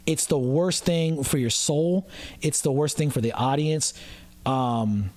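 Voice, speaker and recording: A man's voice: on the high side, takes it slowly, a little mellow. A male comedian co-hosting a casual podcast chat, talking animatedly, acting out people's voices and swearing freely. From San Francisco Bay Area.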